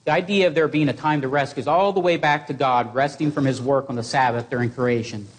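Earnest male preacher delivering a sermon. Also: mid-range voice. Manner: earnest, exhorting delivery with measured pauses.

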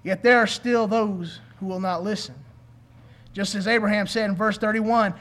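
Man preaching, very high voice, earnest, pleading, rhetorical questions. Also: normal speed, a bit bright. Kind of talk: sermon.

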